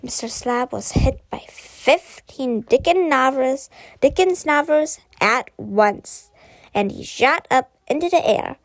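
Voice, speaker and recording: A woman reading a children's book aloud slowly and carefully, with the odd small stumble. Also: high voice, lively intonation, no echo, low-quality recording. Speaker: storybook reader.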